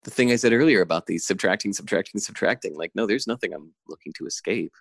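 A middle-aged man with a low, gravelly voice speaks in a casual interview. He talks intensely and in an animated way, full of "like" and restarts. The sound is dry and close. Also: fast, dry recording. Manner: intense, animated, lots of "like" fillers. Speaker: guest. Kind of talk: casual conversation. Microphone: remote call.

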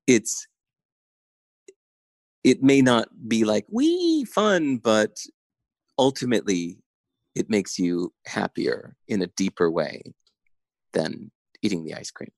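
A middle-aged man talking casually in an interview, intense and animated, with many filler words. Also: lowish voice, takes it slowly, vocal fry, pauses often, no echo. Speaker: guest. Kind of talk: casual conversation. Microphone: remote call.

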